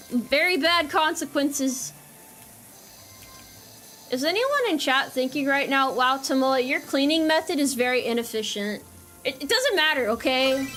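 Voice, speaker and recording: A woman's voice: high voice, fairly bright tone. A woman streamer giving casual gameplay commentary, playful and teasing.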